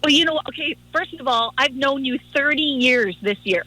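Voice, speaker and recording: A woman's voice: high-pitched, moderate pace, poor audio. A woman calling into a radio show, telling affectionate stories. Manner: warm, storytelling, affectionate. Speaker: caller, radio host. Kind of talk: phone-in tribute on radio.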